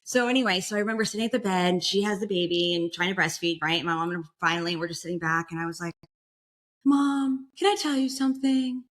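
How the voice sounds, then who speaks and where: A woman's voice: medium pitch, quick pace. A young woman chatting casually as a podcast guest, telling a long story and acting out the voices of the people in it. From Florida. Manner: animated, acts out quoted voices.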